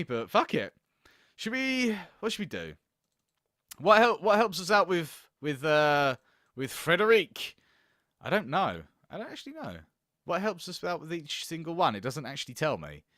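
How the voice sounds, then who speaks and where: Animated swearing gamer. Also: male voice, on the high side, no echo, studio quality. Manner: animated, swearing, laughing often. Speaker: gaming channel host. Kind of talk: let's play commentary.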